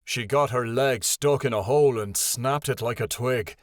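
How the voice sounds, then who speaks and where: A man as a gentle, loyal companion. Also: medium pitch, normal speed, no room sound, studio quality, lightly acted. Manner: comforting, soft-spoken.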